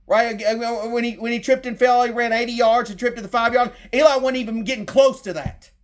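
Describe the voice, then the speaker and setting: Southern guy with a really high voice, middle-aged, ranting hot and cussing a lot about football. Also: fairly even intonation, brisk. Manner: heated, profane, repetitive rant. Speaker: sports fan content creator. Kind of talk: fired-up sports rant.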